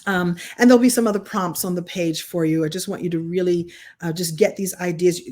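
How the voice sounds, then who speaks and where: A woman's voice: fairly low pitch, fairly even intonation, fairly quick, dark tone. A middle-aged woman teaching an online writing masterclass, telling stories expressively in a chatty style with frequent restarts. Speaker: writing coach.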